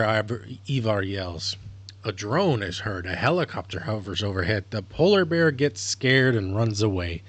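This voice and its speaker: A man's voice: fairly low pitch, big pitch swings, moderate pace, fairly bright tone, no echo. A tired man talking casually and rambling on a live stream, swearing freely as he goes. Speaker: streamer learning a language.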